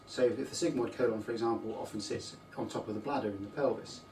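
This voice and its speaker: A man, a surgeon, calmly explaining a bowel disease in clinical detail during a teaching discussion. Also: fairly low pitch. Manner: measured, explanatory, technical. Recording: echoey room, distant mic, faint noise.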